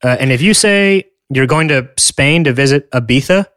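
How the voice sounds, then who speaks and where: A man's voice: medium pitch, lively intonation, normal speed, fairly bright tone, no echo, studio quality. A man co-hosting a podcast in casual chat, with wry, joking asides. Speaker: podcast co-host.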